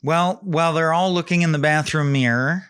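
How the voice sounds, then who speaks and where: A man's voice: on the high side, normal speed, fairly bright tone, clear, resonant tone, dry recording, clean studio sound. A man co-hosting a podcast, casually and animatedly recapping film scenes and quoting the lines. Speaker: podcast co-host.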